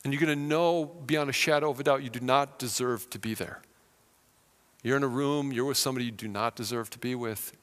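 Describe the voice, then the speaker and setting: Animated preacher with a ringing hall reverb. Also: male voice, medium pitch, brisk. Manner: animated, vivid storytelling. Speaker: pastor. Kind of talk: sermon.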